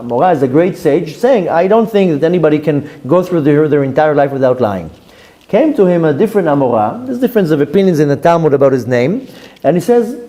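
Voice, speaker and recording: A man, a rabbi giving a Torah class and telling stories with lively, acted-out quotes. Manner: lively storytelling, voices quoted speakers with big pitch jumps.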